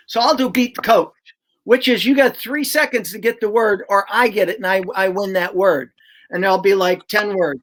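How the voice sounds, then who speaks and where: Emphatic older reading coach. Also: male voice, high-pitched, moderate pace, a bit bright. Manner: emphatic, sounds out syllables aloud. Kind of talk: conversational explanation.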